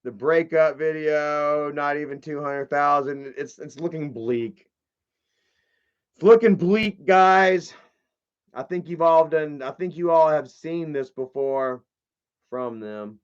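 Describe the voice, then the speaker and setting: In muffled, lo-fi stream audio, a man hosts a casual livestream, rambling, swearing freely and saying hello to viewers in the chat. His voice is smooth and on the high side, with a measured pace.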